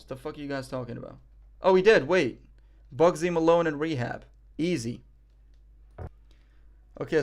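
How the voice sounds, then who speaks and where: A man streaming live, reacting in casual chat; cocky, joking, profane and rambling. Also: a little high.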